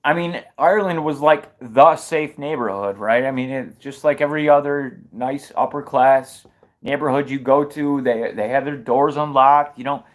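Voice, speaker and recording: A man's voice: medium pitch, normal speed. A man giving opinionated livestream commentary, fired up, firing rhetorical questions and restarting sentences mid-thought.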